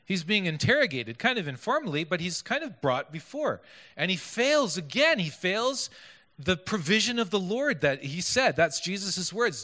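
A male preacher's bright, forceful voice sits a little high and swings widely in pitch at a normal speed as he delivers a conversational sermon, asking the congregation questions and joking at his own expense. A long echo from a large hall surrounds him.

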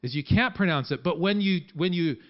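A man's voice: high voice, lively intonation, highs cut off. A man preaching a sermon in a church, talking conversationally and often restarting his sentences. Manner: conversational, halting with many restarts. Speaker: pastor.

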